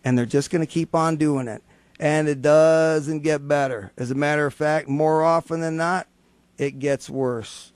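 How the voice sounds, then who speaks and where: A man's voice: on the high side, steady tone, unhurried, darkish tone, no echo. A man hosting a motivational radio talk show, telling everyday stories and acting out the people in them for laughs. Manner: storytelling, acts out quoted voices for humor. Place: radio studio.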